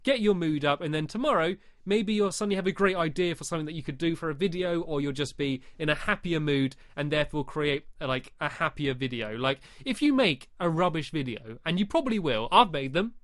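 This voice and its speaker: A man's voice: on the high side, a little fast, hardly any pauses, a bit bright, dry recording, studio quality. A man hosting a podcast, giving casual advice in a chatty, rambling way full of fillers. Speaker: podcast host.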